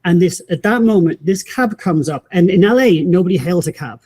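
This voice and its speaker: A woman, a podcast guest telling a personal story in animated fashion, acting out the voices of people she met and often restarting her sentences. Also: lowish voice, fairly quick, breathy edge. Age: 50s. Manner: acts out quoted voices, frequent restarts.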